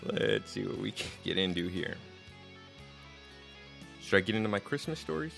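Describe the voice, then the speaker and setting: A middle-aged man hosts a podcast, spinning rambling, profane stories and chuckling at them. His voice sits very low with a gravelly fry. Soft guitar music plays faintly behind him. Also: lively intonation, moderate pace. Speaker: podcast host. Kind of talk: casual storytelling chat.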